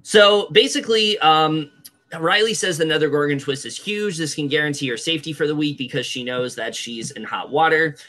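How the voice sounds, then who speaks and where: Bright-voiced young man recapping casually. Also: fairly high pitch. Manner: rambling, many fillers and restarts. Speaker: podcast co-host.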